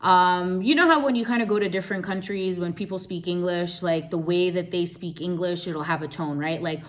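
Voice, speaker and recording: A woman hosts a motivational business talk with a low-pitched voice. She hammers home words by repeating them and often checks in with "right?" and "does that make sense?". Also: a little fast. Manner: emphatic, repeats key words, frequent rhetorical "right?". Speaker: host.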